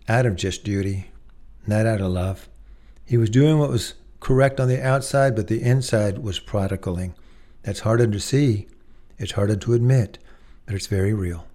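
A man's voice: on the low side, moderate pace, long pauses, mellow. Man preaching a sermon, earnest, emphatic, talking straight to the congregation. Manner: earnest, emphatic, addresses listeners directly.

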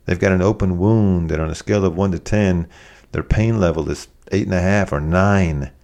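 Gravelly-voiced male preacher. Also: low-pitched, normal speed. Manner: animated, acts out quoted voices. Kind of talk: sermon.

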